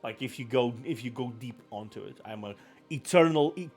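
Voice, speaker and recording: A man's voice: medium pitch, fairly quick, a little mellow, soft background music. A man chatting casually on a live stream, rambling and self-deprecating, apologizing often.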